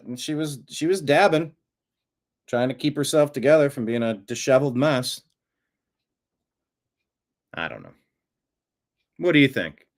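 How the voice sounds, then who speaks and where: A man's voice: medium pitch, fairly bright tone. A male show host commenting on played clips in a casual, conversational way and reading out viewer comments.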